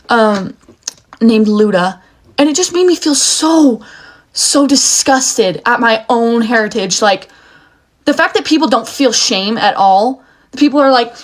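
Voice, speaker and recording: A woman's voice: a little high, expressive, normal speed. Heated young woman ranting. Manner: heated, swearing, restless. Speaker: video commentator. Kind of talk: emotional rant to camera.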